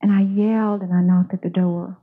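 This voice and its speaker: A woman's voice: medium pitch, little pitch movement, fairly quick, lightly acted. Lady preacher doing a talking teacup, pleading and suffering, thin phone-line sound, in a sermon story.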